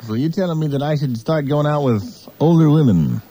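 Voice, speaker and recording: A man's voice: a little high, fairly quick, warm tone, a little hiss or hum. A man hosting a comic call-in radio show, teasing the caller in a brash, mock-macho way.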